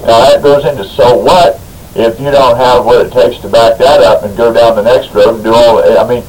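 A man's voice: mid-range voice, fairly even intonation, normal speed, background noise. A man as a radio talk guest, telling a long story in a folksy, rambling way, with stumbling restarts. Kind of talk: radio talk, anecdote and legal commentary.

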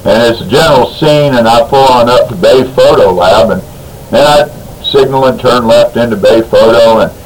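A man's voice: medium pitch, moderate pace, heavy background noise. A man as a radio talk guest, telling a long story in a folksy, rambling way, with stumbling restarts. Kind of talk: radio talk, anecdote and legal commentary.

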